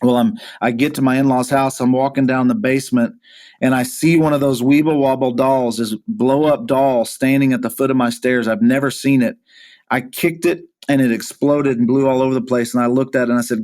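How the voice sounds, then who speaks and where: A man's voice: medium pitch, steady tone, darkish tone. Earnest man telling a personal story. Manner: earnest, halting, repeats words while recounting. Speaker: pastor, podcast guest.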